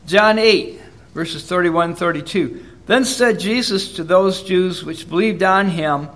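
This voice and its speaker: A man with a high-pitched voice delivers a sermon in an earnest, measured way. He reads scripture passages aloud between his own teaching points. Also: a bit bright. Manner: measured, earnest, reads verses in King James wording. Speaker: preacher.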